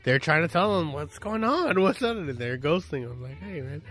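A man chatting casually on a podcast about relationships, cursing freely and telling stories with sudden loud outbursts. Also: a little high, normal speed. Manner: profane, animated storytelling with sudden shouted outbursts.

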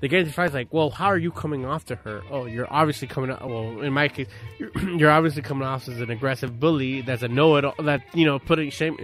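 A man chatting casually on a podcast about relationships, cursing freely and telling stories with sudden loud outbursts. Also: medium pitch, fast talker, faint music behind. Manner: profane, animated storytelling with sudden shouted outbursts.

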